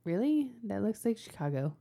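A woman who is a hockey mom, chatting on a podcast and telling lively, exasperated stories with frequent laughter. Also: medium pitch, normal speed, vocal fry. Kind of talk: casual chat, animated storytelling.

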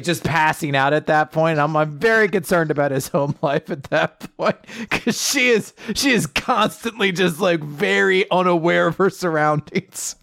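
A man's voice: high-pitched, very animated, a little slow, a bit bright, no echo, studio quality. A man co-hosting a podcast, chatting casually about manga in a joking, offhand way and swearing freely. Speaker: podcast co-host.

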